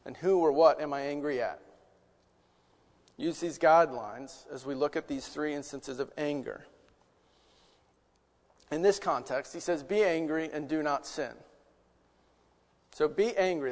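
A man preaching a sermon, earnest and conversational, asking rhetorical questions and moving between loud emphasis and quiet asides. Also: fairly high pitch, in a large hall.

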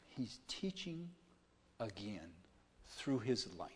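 A man's voice: mid-range voice, lively intonation, a little slow, darkish tone, slightly rough. A pastor delivering a conversational sermon, retelling a story in plain words and often checking that his listeners follow along. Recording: long reverb of a large hall.

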